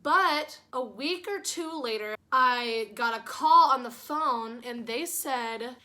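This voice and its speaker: Bright, high-voiced young woman vlogger. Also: slow pace. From Springfield, Missouri. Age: young adult, under twenty-one. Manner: chatty and candid, swears freely, self-mocking. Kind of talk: casual storytime vlog.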